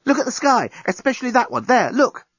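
A man voicing an excitable, quick-tempered young woman in a storybook reading, with high, eager exclamations. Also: breathy edge, no echo, full character voice. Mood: excited. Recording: dull lo-fi recording.

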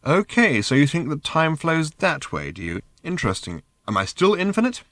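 A man voicing a polite, curious shape-shifting bird in an audiobook, in a pleasant light tenor, asking brisk matter-of-fact questions. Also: fairly high pitch, big pitch swings, a bit bright, no room sound, pitched above the performer's own voice. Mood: brisk, inquisitive. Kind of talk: audiobook character voice.

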